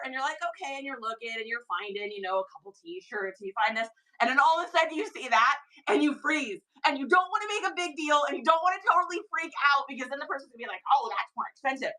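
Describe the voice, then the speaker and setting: A young woman hosting a reseller livestream, chatting excitedly with her viewers about thrift finds. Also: sits high, rough recording. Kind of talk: casual livestream chat.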